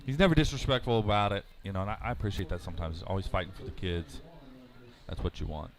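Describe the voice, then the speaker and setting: Deep-voiced football color commentator. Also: male voice, quick pace. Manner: relaxed, conversational analysis. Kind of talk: high school football commentary.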